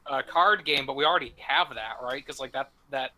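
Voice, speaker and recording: A man's voice: medium pitch, fairly quick, a crowd in the background, rough recording. A man co-hosting a casual live-stream chat, joking, swearing often and rambling. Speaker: podcast co-host. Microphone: home microphone.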